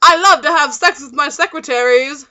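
A smug, boastful rich British tycoon, played by a young woman in a wobbly put-on British accent. The voice sits high and bright for a man, loud and hammy. A homemade vlog skit. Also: moderate pace. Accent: poor put-on British accent.

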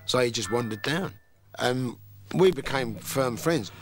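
A musician being interviewed, talking in a cheeky, blunt way and swearing freely. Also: male voice, mid-range voice, lively intonation, a little slow. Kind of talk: reflective interview talk. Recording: music playing underneath.

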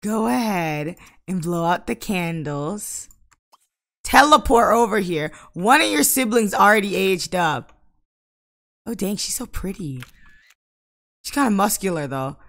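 Woman, gaming commentary, slow talker, exasperated outbursts. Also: medium pitch, lively intonation. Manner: exasperated, swings into loud outbursts at the game. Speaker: gaming YouTuber. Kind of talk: casual Let's Play commentary.

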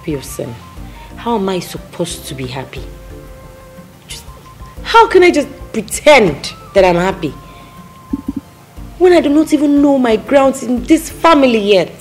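A woman's voice: fairly high pitch, very animated, a little slow, long pauses, faint music behind. A woman with a Nigerian accent, playing a restless young wife desperate for a child. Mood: distressed. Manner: distressed, complaining. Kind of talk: Nollywood film acting.

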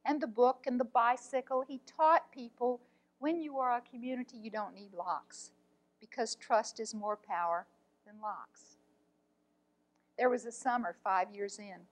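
A woman, an art teacher, telling a personal story in an earnest, heartfelt way, often speaking softly. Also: a little high, a little slow, rough recording.

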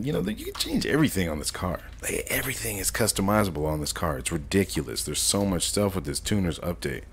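A man streaming a casual live modding tutorial, chatting in relaxed slang and thinking aloud as he goes, often correcting himself. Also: sits low, a little hiss or hum. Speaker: gaming streamer.

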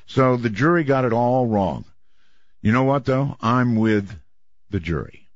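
A man hosting a call-in radio show, brisk and moving callers along. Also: mid-range voice, lively intonation, no room sound. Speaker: radio talk show host. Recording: dull lo-fi stream audio.

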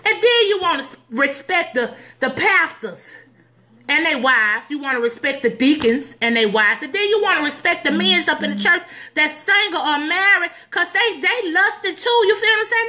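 A woman's voice: high voice, lively intonation, normal speed, pushed and bright. A woman giving playful, sassy, preachy advice in a comedic skit, recorded indoors at home. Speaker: comedic church advice host.

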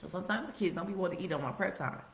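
A woman giving a casual, profane motivational monologue, preaching with loud emphatic outbursts. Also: lowish voice, animated, racing, a little hiss or hum. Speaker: motivational vlogger. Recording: roomy, slightly muffled recording.

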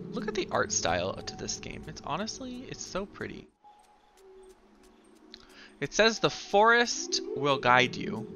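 A man giving excited, giggly let's play commentary while thinking aloud through a puzzle game. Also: mid-range voice, slight background noise. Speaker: gamer playing a video game.

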